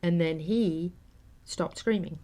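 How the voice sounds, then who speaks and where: A woman's voice: lowish voice, slow pace, mellow. A middle-aged woman hosting a talk show, telling an emotional story in an earnest, casual way with many fillers.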